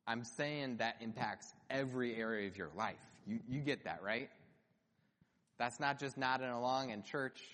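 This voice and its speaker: A man's voice: mid-range voice, a bit bright. A man preaching a sermon as pastor, in an earnest, conversational way with emphatic lifts, in a church sanctuary. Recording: long hall reverb.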